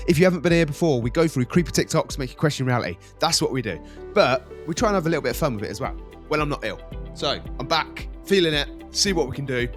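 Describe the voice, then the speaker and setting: A man hosting a reaction channel, chatting casually and playfully with sudden loud jumps. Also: medium pitch, expressive, quick pace, faint music behind.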